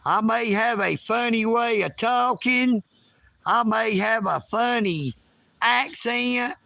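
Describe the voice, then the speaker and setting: A man rambling loudly and emphatically on a livestream from his bedroom. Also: very high-pitched, slow, gravelly, no room sound. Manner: loud, emphatic, self-promoting.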